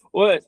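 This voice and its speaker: A man's voice: dry recording, narrow, tinny audio. Podcast guest, young Kentucky man, stammering restarts, blunt and profane, dry mic. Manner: rambling, frequent restarts and stammered repeats; blunt, swears freely. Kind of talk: casual conversation.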